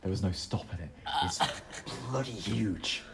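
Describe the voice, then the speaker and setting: A man's voice: sits low, measured pace, very noisy. A man, narrating as game master in a casual, laughing way full of fillers.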